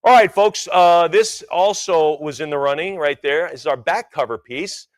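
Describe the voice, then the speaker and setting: A man's voice: a little high, normal speed, no room sound. A man working as an auctioneer, calling bids in a rhythmic chant and breaking off into chatty asides about the item. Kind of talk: live auction bid calling.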